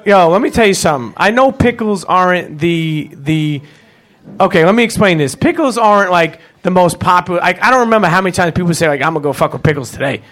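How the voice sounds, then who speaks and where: A man hosting a live podcast in front of an audience, telling rambling, animated, profane stories and taking questions. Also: sits high, fairly quick. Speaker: host. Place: live event space with audience.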